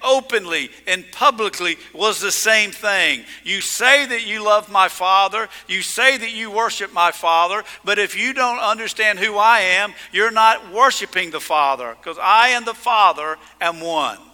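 A male pastor preaching a sermon with emphasis, swinging from loud declarations to hushed lines. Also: high-pitched, unhurried, hardly any pauses, in a large hall.

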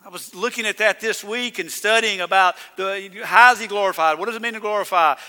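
Man, pastor preaching, fairly high voice, emphatic, long hall reverb. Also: fairly quick. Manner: emphatic, rising to loud declarations. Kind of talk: sermon.

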